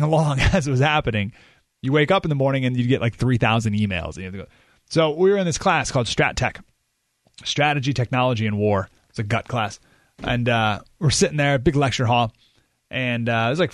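A man's voice: a little high, dry recording, studio quality. Chatty self-mocking male radio host. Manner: chatty, rambling, self-deprecating with laughs. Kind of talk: casual talk radio monologue. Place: radio studio.

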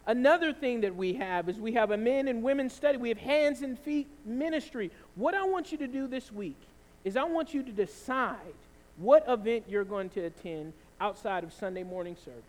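High-voiced male pastor in a reverberant hall. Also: normal speed. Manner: conversational, animated storytelling with frequent "right?". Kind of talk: sermon. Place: church sanctuary.

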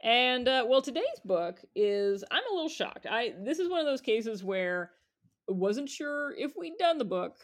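Animated chatty man. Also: very high voice, measured pace. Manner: chatty, animated, laughs often. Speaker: podcast co-host. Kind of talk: casual chat about picture books.

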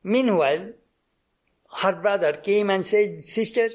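A man with a high voice gives a devotional talk at normal speed as a spiritual speaker. He tells anecdotes and acts out bits of dialogue, coughing often and restarting frequently.

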